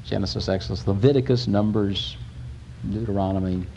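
A man preaching a sermon, emphatic, with pauses and restarts. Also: lowish voice, steady tone, dark tone, a little hiss or hum.

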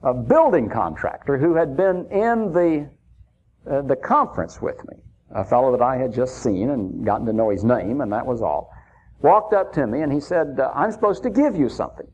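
A man's voice: mid-range voice, very animated, normal speed, darkish tone. A man preaching, telling a personal story in a folksy, chuckling anecdotal way. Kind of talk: sermon storytelling. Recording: dull lo-fi recording.

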